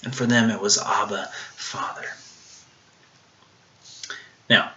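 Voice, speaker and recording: A man's voice: lowish voice, fairly even intonation, slow pace, muffled recording, noisy background. A man giving a casual devotional talk, earnest and searching, with many ums and restarts, dropping almost to a whisper on intimate words.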